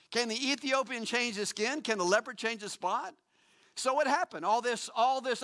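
High-voiced, bright male preacher. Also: animated, normal speed. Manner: emphatic, repetitive preaching with quoted dialogue. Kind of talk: sermon.

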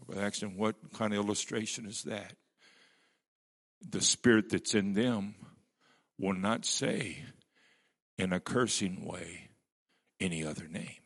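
A man's voice: fairly low pitch, measured pace, gravelly, pauses often. A man preaching a sermon as pastor, telling stories with strong emphasis.

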